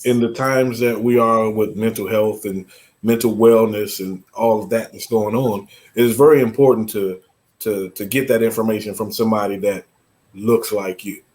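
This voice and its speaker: A man's voice: on the low side, fairly even intonation, moderate pace, darkish tone. A man co-hosting a casual interview, talking earnestly and repeating words as he builds his point. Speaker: co-host.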